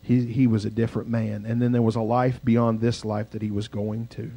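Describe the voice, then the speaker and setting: A man's voice: lowish voice, flat delivery, a little fast, gravelly, no echo. Dramatic storytelling male pastor. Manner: dramatic, swings from loud to hushed. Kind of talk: storytelling sermon.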